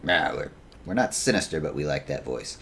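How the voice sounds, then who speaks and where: A man's voice: rumbling low, animated, normal speed, fairly bright tone. A man giving joking let's play commentary, reading game text aloud with self-mocking asides. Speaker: gaming YouTuber.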